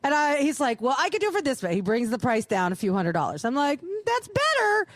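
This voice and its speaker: A woman's voice: big pitch swings, fast, no echo. A woman co-hosting a live podcast show, telling a long story with lots of swearing and acting out each voice in the dialogue. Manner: profane, acts out dialogue with big pitch jumps. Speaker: podcast co-host. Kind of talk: animated storytelling. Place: live show on a cruise ship.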